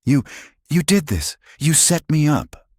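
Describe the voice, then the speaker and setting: A man's voice: deep voice, big pitch swings, measured pace, darkish tone, dry recording, clean studio sound, full character voice. A man voicing a disgraced ex-husband who stammers and pleads. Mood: desperate.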